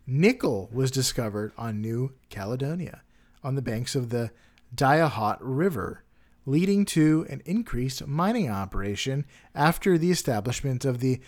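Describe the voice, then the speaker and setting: A man co-hosting a casual podcast, telling stories loosely with lots of "like" fillers and dry puns while running a quiz. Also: medium pitch. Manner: loose storytelling with many "like" fillers, dry wordplay. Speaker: podcast co-host presenting facts and quiz. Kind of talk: casual chat.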